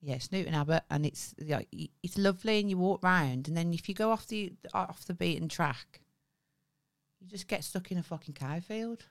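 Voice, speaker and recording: A woman's voice: lowish voice, moderate pace, no echo, clean studio sound. A woman co-hosting a casual chat podcast, swearing often and laughing easily. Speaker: podcast co-host.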